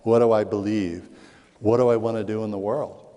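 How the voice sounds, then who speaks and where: Middle-aged guy from southwest philly telling stories, mellow voice, echo of a big hall. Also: on the low side, moderate pace, dull audio. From Southwest Philadelphia. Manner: lively storytelling that acts out voices in quotes. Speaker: speaker on parenting. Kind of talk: storytelling talk to an audience. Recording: long hall reverb.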